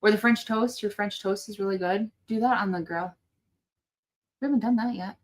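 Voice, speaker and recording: A woman's voice: mid-range voice, moderate pace. A young adult woman co-hosting a livestream, talking hesitantly with lots of ums and likes. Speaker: livestream co-host. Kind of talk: casual livestream chat.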